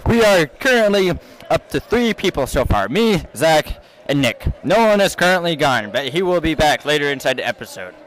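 Lively teen boy hosting a goofy chat. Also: fairly high pitch, moderate pace, slight background noise, rough recording. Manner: playful, mock-announcer delivery. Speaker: host. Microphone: handheld mic passed around.

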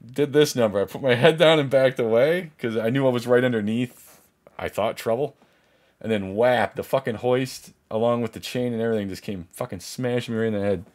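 A male vlogger with a medium-pitched voice tells a story at a brisk pace. His casual storytelling is rambling, profane and full of restarts, and he's animated, acting out other people's voices.

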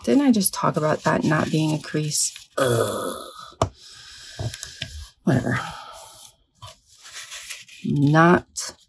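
A woman's voice: low-pitched, very animated, very slow, creaky, long pauses, noisy background. A middle-aged woman in a sleepy early-morning mood, rambling chattily and self-deprecatingly while she crafts. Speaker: vlogger.

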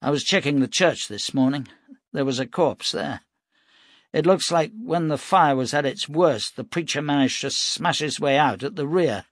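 A man doing a measured militia captain. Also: fairly high pitch, no room sound, studio quality, pitched above the performer's own voice, close to an everyday voice. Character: tall, easygoing middle-aged male militia captain.

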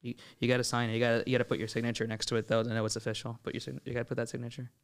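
A young man hosting a casual podcast conversation in a voice of middling pitch. He jokes and teases constantly, often tumbling into quick repeated phrases. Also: flat delivery. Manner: joking, teasing, repeats himself rapidly. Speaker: podcast host. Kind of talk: casual playful interview chat.

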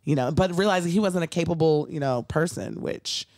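A middle-aged woman, a comedian guest, telling a personal story on a podcast in a lively way, often acting out the other people in her story and laughing. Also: sits low, brisk, no echo, clean studio sound. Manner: animated, acts out quoted voices, laughs often.

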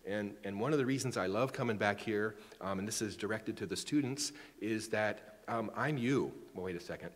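Casting: man in his forties, low-ish voice, public lecture, reverberant hall. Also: fairly quick, hardly any pauses. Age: 40s. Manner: chatty, self-joking, many restarts. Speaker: astronomy lecturer. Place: lecture room.

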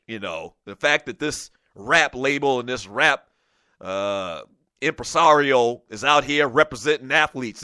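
A man from the South Carolina Lowcountry, hosting a sports talk show in an animated, rambling monologue full of fillers. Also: dry recording, studio quality. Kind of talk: solo radio talk monologue.

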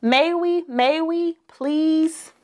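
A woman voicing little bear cubs, a boy and a girl, who whine and beg excitedly. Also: high voice, extremely slow, pitched above the performer's own voice. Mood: whiny, begging. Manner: whining, begging, excited.

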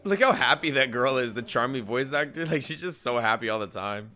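Male reaction host with a bright, forward tone, casual and profane, and prone to sudden excited bursts. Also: medium pitch, moderate pace. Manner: loose, profane, slangy chatter with sudden excited jumps. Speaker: anime reaction channel host.

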